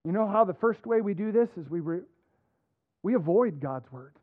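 A man preaching a sermon as a pastor, earnest, dropping soft and then rising to emphatic points. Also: high-pitched, lively intonation, moderate pace, no room sound. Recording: dry phone-like narrow sound.

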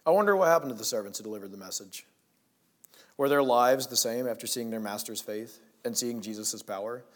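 A man preaching a sermon in a conversational, storytelling way, dropping to hushed lines and rising to emphatic ones. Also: mid-range voice.

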